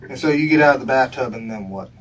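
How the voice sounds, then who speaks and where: A man's voice: medium pitch, fast talker, a bit bright, slightly rough. A male police investigator asking brief, prompting questions in an interview. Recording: distant muffled interview recording.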